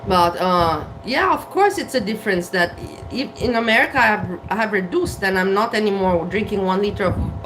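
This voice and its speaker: A woman's voice: mid-range voice, fairly bright tone, a little hiss or hum, rough recording. A woman vlogging candidly to camera from her kitchen, frank and blunt, swearing and laughing at herself. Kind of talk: candid casual talk to camera. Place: home kitchen.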